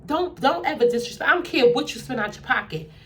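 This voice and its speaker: A young adult woman telling a dating story in a casual, animated way, acting out what people said in a lowered voice. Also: quick pace.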